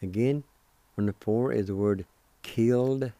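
A man's voice: medium pitch, measured pace, mellow, no echo. A man hosting a radio language lesson, spelling words letter by letter and repeating each syllable with care. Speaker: radio host teaching Cherokee words. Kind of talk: slow, careful language lesson.

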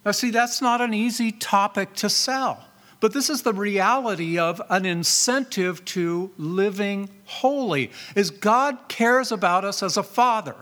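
High-voiced pastor preaching in a reverberant hall. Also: male voice, a little slow, bright, forceful tone. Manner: rhetorical questions, emphatic repetition, reads scripture aloud. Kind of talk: sermon.

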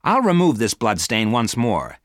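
A man voicing a confident, eager young man who talks high and boastfully. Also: huge pitch swings, normal speed, a bit bright, no echo, studio quality.

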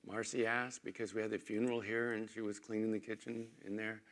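A man preaching a sermon as pastor, conversational, moving between emphatic points and quiet storytelling in a church. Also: on the low side, flat delivery, a little fast.

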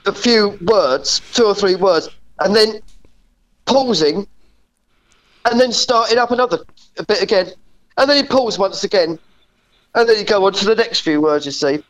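A man's voice: high-pitched, animated, a bit bright, low-quality recording. A man calling in to a radio show by phone, chatting casually and stammering as he talks. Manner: halting, stammering. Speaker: phone-in caller. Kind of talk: casual chat. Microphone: telephone.

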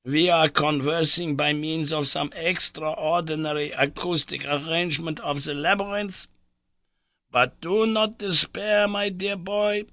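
A man voicing an older scholarly uncle who speaks slowly and reassuringly, with a raised pitch. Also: fairly even intonation, a bit bright, no echo. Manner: slow, deliberate and reassuring. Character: older male scholar uncle, steady and encouraging.

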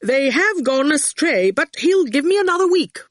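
A woman's voice: very animated, moderate pace, dry recording, studio quality. Woman playing a flustered indignant father. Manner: high, indignant, exasperated. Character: flustered middle-aged father, a writer.

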